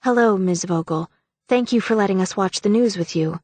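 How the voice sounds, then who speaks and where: A woman's voice: mid-range voice, normal speed, a little mellow, no room sound, natural voice. A woman voicing a polite, slightly nervous young mermaid girl.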